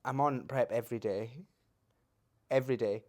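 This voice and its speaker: A man's voice: mid-range voice, fairly even intonation, normal speed, a little mellow. A man hosting a podcast, telling cheeky stories and laughing as he talks. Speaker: podcast host. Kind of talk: casual chat.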